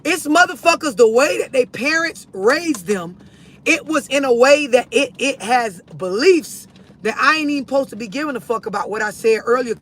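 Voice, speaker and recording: Speaking on a phone from inside a vehicle, a man hosting a livestream launches into a blunt, profane, preachy monologue aimed straight at his viewers. His voice is very high and fairly bright, with lively intonation and a moderate pace.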